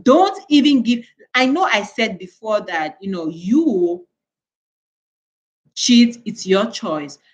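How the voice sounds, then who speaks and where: A woman's voice: medium pitch, expressive, slow, lo-fi sound. A woman from Cameroon hosting a live stream, lecturing her viewers in an emphatic way and repeating words for stress. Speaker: channel host.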